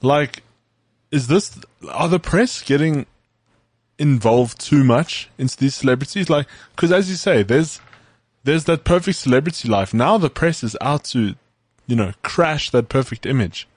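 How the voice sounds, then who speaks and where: A man's voice: mid-range voice, a little slow, husky, no echo. A man from South Africa co-hosting a podcast, easygoing in casual chat. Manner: easygoing, short agreeing replies. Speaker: podcast co-host.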